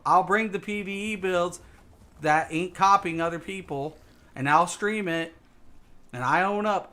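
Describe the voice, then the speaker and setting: A man's voice: sits high, a little slow, bright, forceful tone. A man streaming a game, ranting casually and swearing often as he repeats himself. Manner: ranting, profane, repetitive. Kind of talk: casual gaming stream talk.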